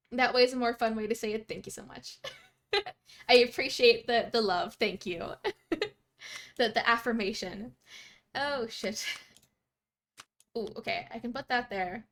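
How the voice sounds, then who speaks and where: A woman's voice: fairly high pitch, fairly bright tone. A young woman from Canada, a streamer chatting casually with her viewers while she plays, bubbly and giggly as she reads out their messages. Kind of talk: casual live-stream chat.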